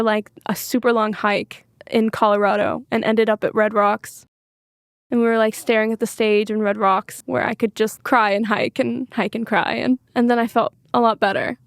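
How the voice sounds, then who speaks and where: A singer-songwriter appears as an interview guest, her fairly high voice carrying a gravelly edge. She talks candidly, wanders freely, and relies heavily on fillers, all captured in close, dry sound without any room echo.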